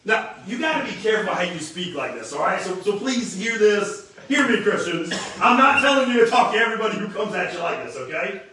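A man preaches in a loose, animated sermon full of slang, stumbling over repeated words as he drives his points. His voice sits high. He is heard from a distance in a very echoey room. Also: a little fast, hardly any pauses, background noise. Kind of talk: casual energetic sermon.

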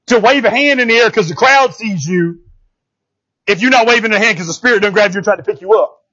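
A male pastor giving a lively, conversational sermon, speaking straight to his congregation and often checking in with them. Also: very high-pitched, husky, muffled recording. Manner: animated, talks straight to the congregation, often asks "you know what I'm saying?".

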